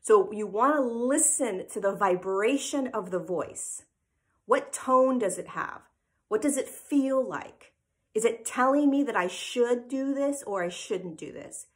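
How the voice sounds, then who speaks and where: A woman's voice: fairly high pitch, lively intonation, a little slow. A woman giving an informal spiritual teaching talk, earnest and emphatic, who keeps checking in with her listeners by asking "right?" after her points. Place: live event replay.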